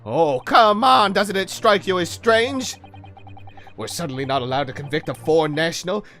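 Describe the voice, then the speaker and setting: A brash, angry young newspaper reporter, put on by a man reading a video game aloud, shouting his case in an old-timey newsboy accent. He talks loud and indignant, with rough grammar and a raised, heated pitch. Faint music sits underneath. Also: lively intonation, normal speed.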